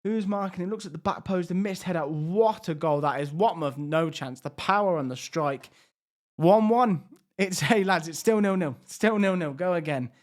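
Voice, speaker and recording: A man commentating his own video game, swinging from hushed tension to loud excited outbursts. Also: fairly high pitch, normal speed, few pauses. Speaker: gaming YouTuber.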